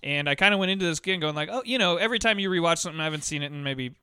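Clear bright-voiced man gushing. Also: fairly high pitch, rapid-fire, no echo, clean studio sound. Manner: enthusiastic, rambling with restarts. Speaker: podcast co-host. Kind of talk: casual movie review chat.

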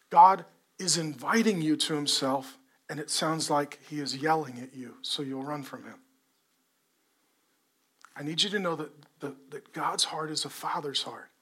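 A middle-aged male pastor preaching a sermon to a congregation, swinging between loud delivery and hushed, intimate talk. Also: a little high, slightly rough. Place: church before a congregation.

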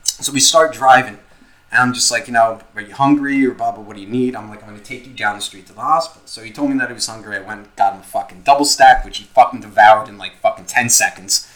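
A man's voice: fairly low pitch, fast talker, a bit bright, rough recording. A young man co-hosting a casual podcast, telling a story loosely and profanely with lots of filler words. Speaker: podcast co-host.

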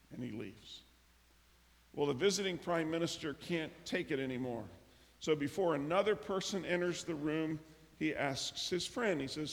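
A male pastor delivers a sermon in a church, carrying his listeners through a story with lively emphasis. His voice sits fairly high and has a gravelly edge. A long hall reverb trails after each phrase. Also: moderate pace. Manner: storytelling, acting out characters' lines with lively emphasis.

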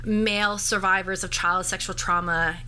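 A woman's voice: mid-range voice, fairly even intonation, moderate pace, sharp tone, a little hiss or hum. A woman co-hosting a podcast, talking through a film in a thoughtful, analytical way with frequent casual fillers. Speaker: podcast co-host.

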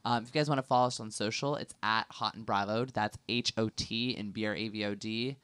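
A man's voice: lowish voice, steady tone, fairly bright tone, smooth, no room sound. A young man co-hosting a casual podcast, agreeable and full of fillers, who also reads the sign-off. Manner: agreeable, filler-heavy, quick to react. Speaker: podcast co-host. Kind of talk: casual chat.

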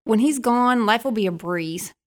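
A woman's voice: on the high side, expressive, moderate pace. A woman guest in a casual podcast chat, easygoing, with a dry sense of humor.

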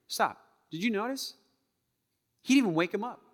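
A male pastor preaching a sermon, acting out tones of voice and sometimes dropping to a hush. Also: high-pitched, normal speed, long reverb tail. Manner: animated, acts out tones of voice, drops to a hush. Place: church sanctuary.

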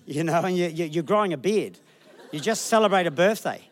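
High-voiced jokey New pastor. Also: male voice, fairly quick, a faint crowd. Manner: jokey, animated storytelling with put-on quoted voices. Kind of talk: sermon.

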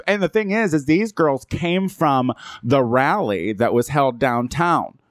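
A man hosting a podcast, telling a story in a casual, animated way with frequent restarts. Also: mid-range voice, moderate pace, hardly any pauses, no echo, clean studio sound. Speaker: podcast host. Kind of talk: casual chat.

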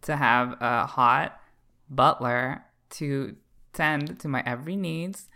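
A man's voice: medium pitch, slow, vocal fry, bright, forceful tone. A man from Canada in a casual comedic podcast chat, talking in a playful, campy, teasing way. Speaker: podcast co-host.

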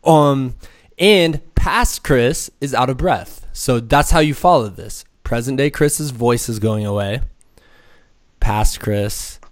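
A young man hosting a podcast, hoarse from a cold, chatting in a rambling, upbeat way with lots of fillers. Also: mid-range voice, slow pace, no room sound, clean studio sound. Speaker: podcast host. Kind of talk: casual podcast chat.

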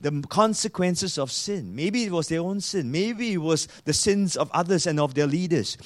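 Male preacher, slightly high pitch, reads and quotes scripture, asks rhetorical questions. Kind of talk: sermon.

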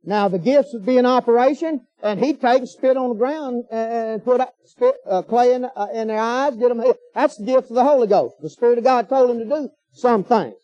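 A man's voice: very high voice, fairly quick, hardly any pauses, warm tone, no room sound. A man preaching a sermon in a folksy, emphatic way, firing off rhetorical questions. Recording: dull lo-fi sermon recording.

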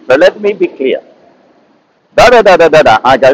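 A man's voice: a little high, expressive, moderate pace, pauses often, low-quality recording. A man telling stories in a casual monologue, rambling and often repeating and restarting his words. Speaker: speaker sharing advice.

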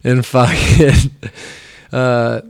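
Young male podcast host, smooth resonant voice, dry close sound, loose profane storyteller. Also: mid-range voice, level tone, extremely slow, no echo. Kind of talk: casual storytelling chat.

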